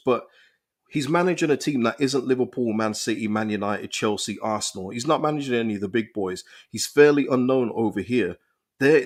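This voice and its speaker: A young man hosting a casual football live stream, reading viewers' comments and reacting with animated, restart-filled talk. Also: medium pitch. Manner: animated, thinks aloud with frequent restarts and repeated words. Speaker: football channel host reading live chat.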